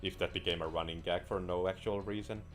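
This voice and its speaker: A man's voice: low-pitched, fairly even intonation, quick pace, soft background music. A young man giving rambling, self-mocking commentary while he plays a game. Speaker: gameplay commentator. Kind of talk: casual gameplay commentary.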